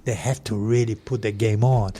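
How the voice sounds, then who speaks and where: A man from Brazil with a Brazilian Portuguese accent, a podcast guest telling animated stories, laughing often and swearing freely. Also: lowish voice, moderate pace, husky. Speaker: podcast guest, jiu-jitsu coach. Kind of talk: casual storytelling chat.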